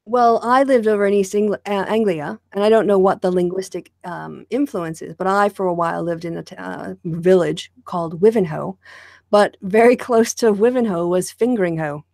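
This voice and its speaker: A woman's voice: mid-range voice, moderate pace, gravelly, a little mellow, no echo, clean studio sound. A woman hosting a casual chat, teasing her co-host and laughing often.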